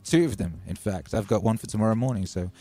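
A man's voice: on the low side, fast talker, mellow. Man chatting wryly over faint music. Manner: chatty, wry storytelling with hype openers. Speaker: livestream host. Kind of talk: rambling casual chat. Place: at home.

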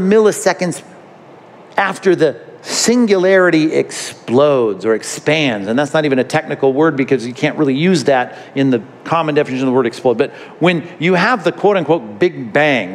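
A man's voice: on the high side, in a large hall. A man, a pastor, teaching in a conversational, emphatic way, often repeating words as he builds a point. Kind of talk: sermon-style podcast teaching.

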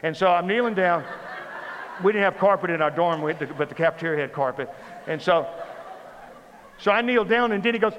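Older male pastor, animated and echoing. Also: fairly high pitch, brisk, slight background noise. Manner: animated storyteller, acting out dialogue, swings from loud to hushed. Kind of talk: sermon testimony. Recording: long hall reverb.

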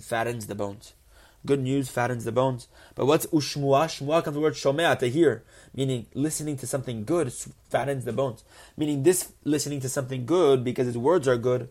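A man's voice: mid-range voice, darkish tone. A man teaching a religious text lesson who reads Hebrew phrases, translates each, and answers his own rhetorical questions. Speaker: Torah teacher.

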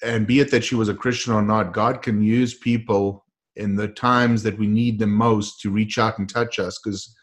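A man's voice: lowish voice, level tone, moderate pace. A man hosting a faith-based interview and encouraging listeners in a preacher-like way. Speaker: host.

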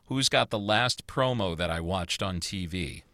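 A man hosts a casual chat, ranting in a loose, swearing way. His voice sits fairly low but comes across bright and forceful. The sound is dry and close. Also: measured pace, dry recording. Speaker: podcast host.

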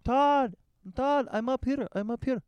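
A comedian doing a young Russian woman with a thick accent, pitched well above his own voice and calling down in a coaxing sing-song. The sound is dry and close. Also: a little slow, clean tone, no room sound, muffled recording. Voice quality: high, coaxing, heavily accented.

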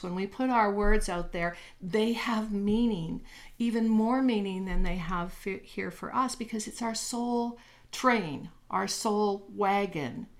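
A woman coaching on spirituality in a podcast chat, telling stories and acting out voices as she goes. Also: mid-range voice. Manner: animated, acts out voices in stories. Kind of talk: casual podcast chat, storytelling.

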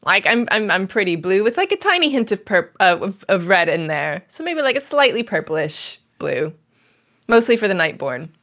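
A woman's voice: mid-range voice, big pitch swings, normal speed, a bit bright. A woman, a podcast guest, telling a candid, self-deprecating story in casual chat.

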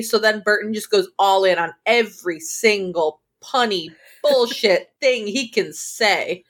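A woman's voice: mid-range voice, unhurried, few pauses, fairly bright tone. A woman co-hosting a casual TV recap podcast, retelling scenes through quoted dialogue and swearing casually. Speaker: co-host.

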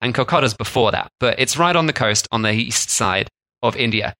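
A man co-hosting a food travel podcast tells a story in a casual, chatty manner, his medium-pitched voice moving a little fast. His retelling is animated.

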